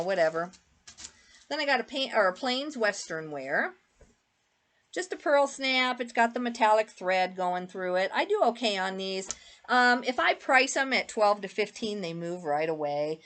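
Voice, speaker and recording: A middle-aged eBay reseller chats casually to viewers about her thrift haul, with plenty of fillers. She speaks at medium pitch with a bit of brightness.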